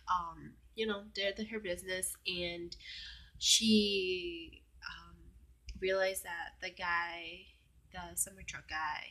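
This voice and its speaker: A woman's voice: on the low side, sharp tone. A young woman telling a personal story in a casual vlog, chatty and full of fillers, sometimes dropping to a whisper. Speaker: vlogger.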